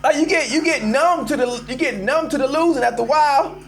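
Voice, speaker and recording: Male call-in host, very high voice, emphatic and animated, faint music under him. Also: a little fast, creaky. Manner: animated, emphatic, addresses listeners as y'all. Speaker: host of a live call-in show. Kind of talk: casual sports rant.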